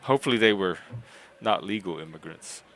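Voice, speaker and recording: A man's voice: low voice, lively intonation, fairly quick, a bit bright, rough recording. A man in casual stream chat, making dry, wry comments.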